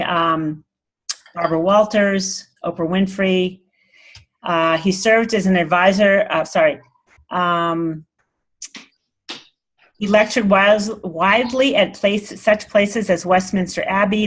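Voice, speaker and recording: A woman hosting an online group call, talking casually and reading aloud, emotional and laughing often. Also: mid-range voice. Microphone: video call.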